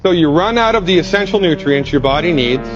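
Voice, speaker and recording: Male lecturer, steady list-building delivery, dull audio with music. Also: on the high side, a little fast. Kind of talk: explanatory lecture clip. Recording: dull clip with music behind.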